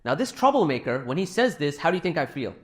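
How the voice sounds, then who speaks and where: A man's voice: on the high side, big pitch swings, fast talker, husky. A middle-aged man speaking to a live audience in a hall, telling anecdotes and making a donation appeal in a conversational way. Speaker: speaker at a fundraising talk.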